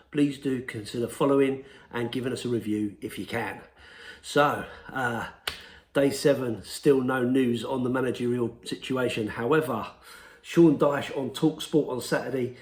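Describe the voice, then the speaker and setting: A man hosting a daily fan podcast, reading out football news headlines and reports in a steady, scripted way. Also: mid-range voice, reverberant. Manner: steady read-aloud delivery.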